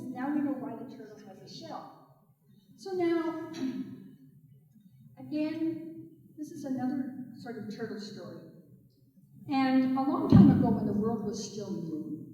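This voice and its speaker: A woman storyteller telling tales to schoolchildren, animated and speaking directly to the kids. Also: on the high side, muffled recording. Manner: animated, addresses the children directly. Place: school hall or stage. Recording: echoey hall from far off.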